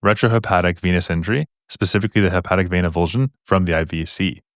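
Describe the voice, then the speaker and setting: A man with a fairly low voice walks through medical exam questions in a live stream. He talks in a casual, upbeat way, repeats himself for emphasis and throws in slangy asides. He sounds close and dry, with no room around him. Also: steady tone, fast, no room sound.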